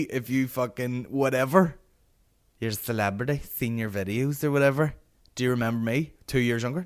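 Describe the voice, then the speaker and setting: A man's voice: medium pitch, a little fast. A Northern Irish man in his late twenties, hosting a podcast with a sweary, ranting comic monologue. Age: late 20s. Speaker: podcast host.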